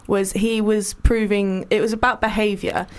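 A woman's voice: medium pitch, flat delivery, moderate pace. A woman chatting casually, laughing often and teasing her co-host playfully. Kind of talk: casual chat.

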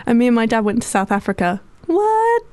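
A woman, co-hosting a casual radio chat show, bubbly and excitable. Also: a little high. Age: early 20s. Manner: bubbly, excitable, quick to laugh. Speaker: radio co-host.

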